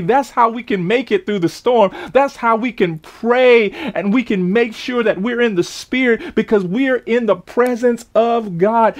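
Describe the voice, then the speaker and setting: A man preaching a sermon, repeating key phrases, calling out for amens and hallelujahs and acting out scripture scenes with halting restarts. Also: sits high.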